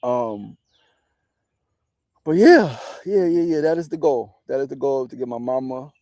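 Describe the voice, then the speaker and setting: Gravelly, dark-voiced New man. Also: medium pitch, moderate pace, dry recording. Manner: candid, profane, often tags lines with "right?". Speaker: podcast host and meditation teacher. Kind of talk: reflective casual monologue.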